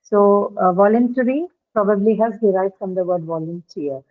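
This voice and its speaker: A woman's voice: mid-range voice, normal speed. Woman teacher over a tinny line. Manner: explains step by step, often checks with "right?". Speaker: English teacher. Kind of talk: online pronunciation lesson.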